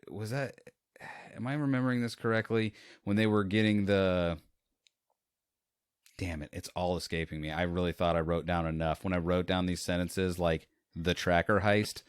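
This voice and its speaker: A man co-hosting a podcast, chatting casually about a movie and retelling scenes in a rambling, animated way. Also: deep voice, smooth, dry recording, clean studio sound. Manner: rambling, animated retelling with quoted lines and laughs. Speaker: podcast co-host. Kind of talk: casual movie review chat.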